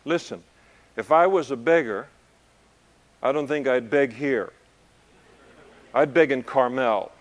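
A man preaching a conversational sermon, joking in asides, building to loud emphasis and then easing down soft. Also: medium pitch, slow, pauses often. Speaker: pastor. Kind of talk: expository sermon to a congregation.

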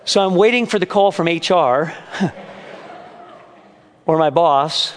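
A man's voice: on the high side, takes it slowly, a little hiss or hum. Older man preaching in an echoing hall. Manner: earnest, storytelling with humor. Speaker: preacher at a men's church gathering. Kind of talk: sermon. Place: church meeting room. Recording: long hall reverb.

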